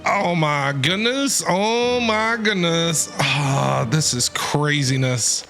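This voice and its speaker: A man's voice: on the high side, slow, creaky, pushed and bright, faint music behind. A man streamer reacting emotionally to a game's story, exclaiming and repeating himself. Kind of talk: casual game reaction commentary.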